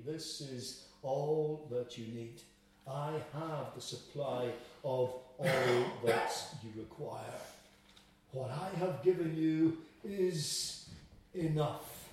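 Man, sermon, reads verses then explains them, slightly high voice, echoey room, distant mic. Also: takes it slowly, a little mellow. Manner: reads scripture aloud, then explains it plainly. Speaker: preacher.

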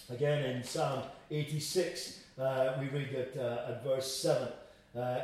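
A man's voice: on the high side, a little mellow, heavy reverb, distant mic, rough recording. A man giving a sermon, reading scripture aloud and explaining it in plain words. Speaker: preacher.

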